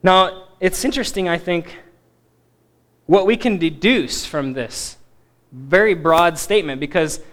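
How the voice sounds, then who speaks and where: A man teaching a Bible passage in a sermon, stressing key words emphatically and dropping to quiet asides. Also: high-pitched, measured pace. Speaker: preacher.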